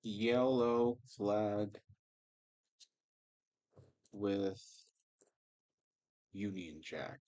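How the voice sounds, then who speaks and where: A man hosting a casual livestream, chatting with viewers and reading their comments aloud in a relaxed, rambling way. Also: fairly low pitch, very slow, pauses often, highs cut off. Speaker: livestream host reading scripture.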